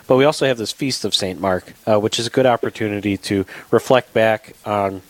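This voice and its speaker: A man's voice: on the low side, brisk, dry recording. A man hosting a radio show in a studio, talking casually with many fillers and restarts.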